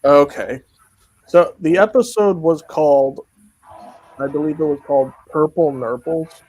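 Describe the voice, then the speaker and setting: A man's voice: a little high, unhurried, a little mellow, low-quality recording. A man in casual chat, talking in a hesitant, meandering way. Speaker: co-host.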